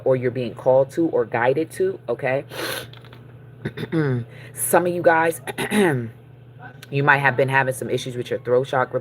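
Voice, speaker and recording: A casual spiritual card reading delivered in an easygoing, chatty voice at a mid pitch. The reader keeps reassuring listeners and checking in with them, wandering through fillers and self-corrections. Faint noise sits under the voice. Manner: encouraging, checks in with listeners with frequent "okay?" and "all right?".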